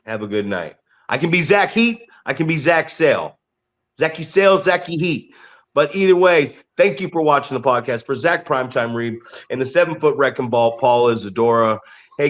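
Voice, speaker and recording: A man's voice: medium pitch, normal speed. A man co-hosting a podcast in a casual, joking, profane way. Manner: animated, profane, jokey. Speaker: podcast co-host.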